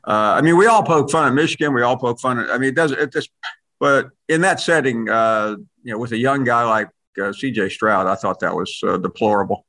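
A man's voice: mid-range voice, a little fast, bright, forceful tone. A middle-aged man with a Southern US drawl, a sports commentator guest on a podcast, wry and outspoken with stammering restarts. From Memphis, US South. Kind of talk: casual podcast interview.

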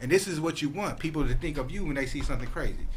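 A man speaking, talking in a loose, casual podcast chat that turns animated when he gets excited. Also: a little high, rapid-fire, a little hiss or hum. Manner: laid-back street slang, animated when excited. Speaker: social media creator, podcast guest.

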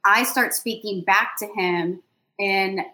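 A woman telling a lively, self-deprecating story in a casual podcast chat. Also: mid-range voice, takes it slowly, rough recording. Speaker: sideline reporter guest.

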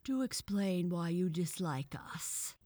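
A woman's voice: mid-range voice, moderate pace, creaky, no room sound, voice pushed up. A woman voicing a frank, reproachful female toad.

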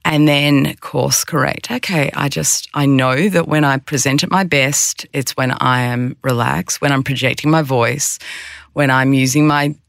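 Mindfulness coach, gravel in the voice, dry studio sound, playful when mimicking worried thoughts. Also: fairly even intonation, a bit bright, no room sound. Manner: acts out anxious self-talk in quick, higher bursts. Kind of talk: casual podcast conversation.

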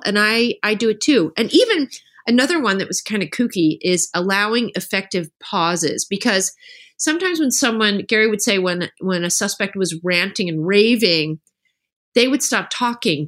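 A middle-aged woman, an author guest on an interview podcast, talking casually and acting out the voices she quotes. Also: mid-range voice. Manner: animated storyteller, acts out quoted voices.

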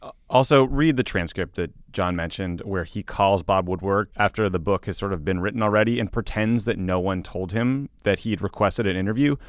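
A man's voice: low voice, fairly quick, no echo, clean studio sound. A man co-hosting a casual political chat podcast, scornful and mocking. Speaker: podcast co-host.

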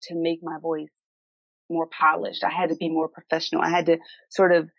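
A woman's voice: low voice, completely flat delivery, moderate pace, gravelly, no room sound, lo-fi sound. A woman from the United States with a Philadelphia accent, co-hosting a live podcast and telling candid personal stories. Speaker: podcast co-host. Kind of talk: casual live conversation.

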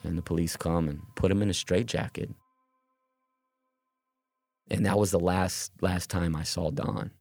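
A man's voice: low-pitched, steady tone, measured pace, pauses often, darkish tone, soft background music. A man telling a tense first-person true story, often stumbling and repeating words.

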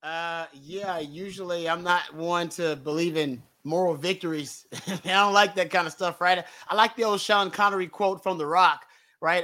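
A man's voice: high-pitched, steady tone, moderate pace, pushed and bright. A man talking as a guest on a postgame football show, emphatic and openly emotional as a fan. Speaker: guest analyst. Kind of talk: postgame sports talk show.

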